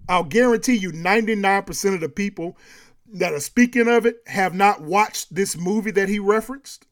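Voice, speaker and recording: A man co-hosting a casual sports and culture chat, animated and laughing often, repeating himself as he builds a point. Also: sits high, moderate pace. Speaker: podcast co-host.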